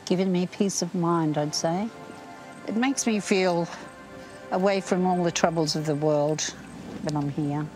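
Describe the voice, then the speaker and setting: Older woman, low voice, gentle and heartfelt, outdoors in a forest, faint music. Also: unhurried, low-quality recording. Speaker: interviewee. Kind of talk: casual conversation.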